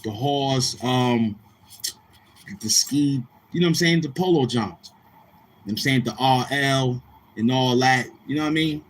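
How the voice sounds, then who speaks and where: A man's voice: medium pitch, measured pace, slight background noise. A man with a New York accent talking casually to camera as a vlogger, slangy and rambling, repeating tag phrases. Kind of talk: casual street talk to camera.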